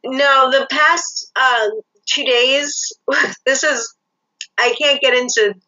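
Brief: woman guest, bright high voice, easy laughter, muffled call audio. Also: slow pace. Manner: laughs easily, short replies. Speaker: guest, host's sister. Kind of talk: casual chat. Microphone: video call.

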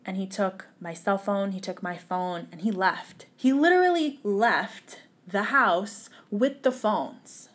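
Tearful young woman telling a painful story. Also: mid-range voice. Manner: tearful, halting, drops to a whisper at times. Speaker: podcast guest. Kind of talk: emotional personal storytelling.

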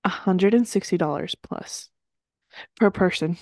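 A woman's voice: fairly low pitch, unhurried, darkish tone, no room sound, clean studio sound. A woman co-hosting a podcast in casual chat, talking with lots of "like" and laughing often. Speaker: podcast co-host.

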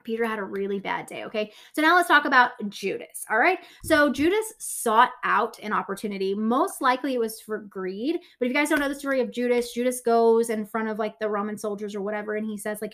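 Young woman teaching the Bible casually, high-ish voice, keeps checking in with "right?". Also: brisk, few pauses, a bit bright. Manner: chatty, filler-heavy, asks "right?" often; acts out quotes in a lower voice.

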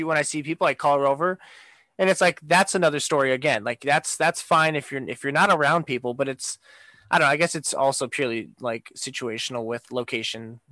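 Guy ranting on a podcast, swears a lot, bright tone, kinda high voice. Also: no echo. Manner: ranting, swears freely, filler-heavy. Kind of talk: casual chat.

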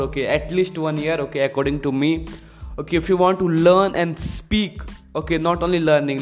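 Man hosting a podcast, saying "okay" constantly. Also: medium pitch. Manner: repetitive, tags sentences with "okay"; hesitant, many fillers and restarts. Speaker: podcast host. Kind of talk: casual advice monologue.

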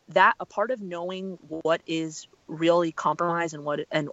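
A relationship consultant speaking earnestly and emphatically as a podcast guest, at a medium pitch. The sound is dry and slightly dull, like a lo-fi home setup. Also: no room sound. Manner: earnest, emphatic, many fillers and restarts.

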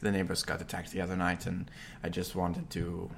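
A man voicing a nervous, hesitant peasant widow in a tabletop game, speaking in halting, quiet phrases. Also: deep voice, completely flat delivery, vocal fry, a little hiss or hum, voice pushed down. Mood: worried.

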